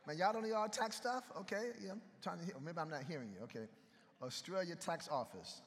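Brisk and high-pitched, this US pastor delivers a conversational sermon and trades banter with his congregation in an echoey hall.

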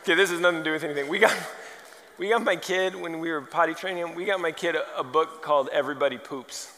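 A man preaching a sermon, telling a story in a lively, rambling way and often poking fun at himself. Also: a little high, fast. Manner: animated, rambling and self-mocking. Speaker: pastor. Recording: long hall reverb.

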